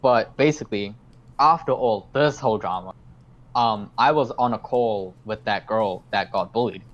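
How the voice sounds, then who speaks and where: A man's voice: lowish voice, moderate pace, highs cut off. A young man hosting a podcast, telling a story in casual chat, rambling, swearing a lot and acting out his own lines. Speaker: podcast host.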